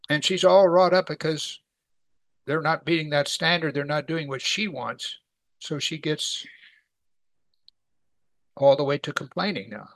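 Bright-voiced man teaching Bible study. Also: on the high side, measured pace, long pauses, no room sound. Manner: conversational, asks the class rhetorical questions.

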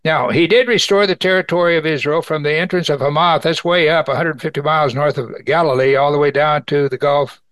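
A man's voice: a little fast, hardly any pauses, a bit bright, no room sound. A man teaching an evening Bible study, earnestly reading scripture aloud and lifting his voice to stress key points. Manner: earnest, rises in pitch for emphasis, reads scripture aloud.

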